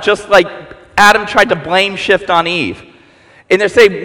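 A male preacher giving a sermon as animated storytelling, acting out the voices of the people in his story. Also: high voice, moderate pace. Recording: long reverb in a large hall.

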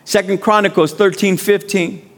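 The guest speaker preaches in a high-pitched voice with fairly even intonation at a moderate pace. His sermon exhorts the congregation through plain, informal speech and repeated "amen" calls.

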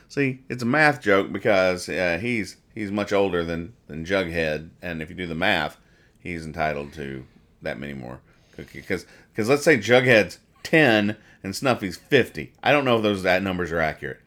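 A man's voice: deep voice, animated, moderate pace, fairly bright tone. A man hosting a podcast, casually explaining comic strips in a rambling, self-deprecating way. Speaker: podcast host.

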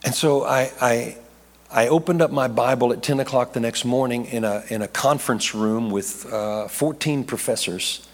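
A man's voice: medium pitch, moderate pace. A man preaching, telling a personal story with jokes, restarts and repeated words. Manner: animated, rambling with repeated restarts, jokey asides. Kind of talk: storytelling sermon. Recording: long reverb of a large hall.

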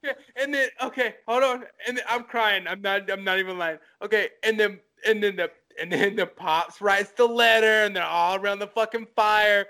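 A man with a high, bright, forceful voice talks about movies with a friend on a casual podcast. He swears freely and gets carried away with emotion as he talks, his enthusiasm spilling over. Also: normal speed, hardly any pauses, clear, resonant tone. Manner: animated, profane, swept up in emotion. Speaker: podcast co-host. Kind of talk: casual film-review chat.

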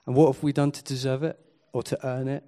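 An earnest male preacher delivers a sermon. His voice sits at an ordinary middle pitch. He shifts between hushed, reflective moments and sudden emphatic swells. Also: level tone, quick pace. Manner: earnest, builds from quiet to emphatic.

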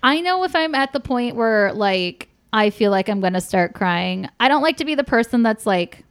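A woman's voice: fairly high pitch, animated, normal speed, clear, resonant tone. A young woman chatting casually as a podcast guest, frank and swearing freely, with lots of fillers.

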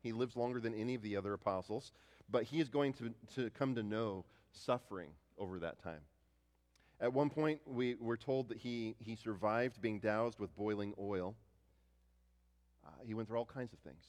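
A man preaches with a fairly low voice in an easy, conversational way. He throws rhetorical questions to the congregation and often repeats or restarts his words. A long reverb trails behind him, as in a large hall. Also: normal speed, darkish tone. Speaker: pastor. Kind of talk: sermon.

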